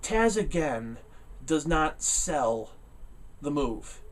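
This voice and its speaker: A man giving a casual spoken review of a wrestling event, rambling with lots of "uh" fillers and getting loud and animated when he rants. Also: on the high side, drawn-out words, recorded from a distance. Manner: rambling, many "uh" fillers, laughs easily.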